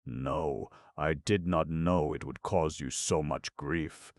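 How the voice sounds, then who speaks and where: A man's voice: very deep voice, slow pace, dry recording, studio quality. A man doing a naive, sobbing young girl. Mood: tearful. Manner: stammering.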